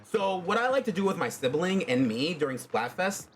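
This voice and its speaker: Rambling man with animated pitch. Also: moderate pace, faint music behind. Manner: rambling, many "like" fillers. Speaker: streamer telling a fan story. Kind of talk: casual storytelling.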